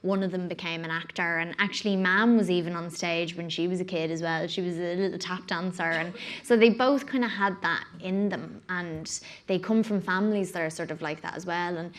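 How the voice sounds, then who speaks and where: A woman's voice: on the low side, fairly even intonation, a little fast, few pauses. An Irish woman talking expressively and chattily as a guest in a casual interview, with fillers and laughs. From Ireland. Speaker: guest actor.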